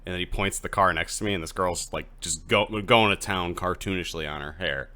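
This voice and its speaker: A man with a very low voice co-hosts a casual podcast. His tone is bright and forceful, and his storytelling is animated and full of laughter. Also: fairly quick, hardly any pauses. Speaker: podcast co-host.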